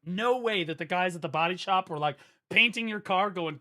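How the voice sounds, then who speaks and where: A man streaming live in a casual, profane rant, jumping from loud outbursts to low mutters. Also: moderate pace.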